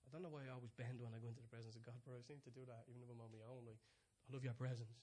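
A man preaching a sermon, telling stories with many restarts, dropping to hushed asides and rising to excited peaks. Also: mid-range voice, racing. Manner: storytelling, swings from soft hushed asides to loud excited peaks.

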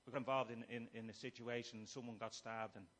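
A middle-aged Irish man giving a humorous personal testimony to a gathering, shifting between quiet musing and loud, acted-out shouting. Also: mid-range voice, fairly even intonation, fast talker. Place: room before a live gathering.

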